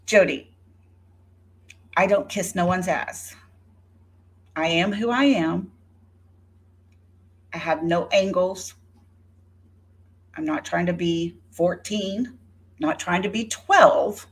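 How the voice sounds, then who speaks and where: A YouTuber in her fifties speaks slowly with long pauses in a lowish voice. Addressing viewers in a rebuttal vlog, she's indignant and sarcastic, calling out a rival directly by name.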